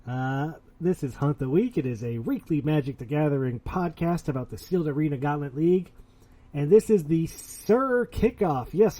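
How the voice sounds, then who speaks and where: A man's voice: a little high, mellow. A man hosting a casual podcast, talking in a boastful, hyped-up, playful way. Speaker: podcast host.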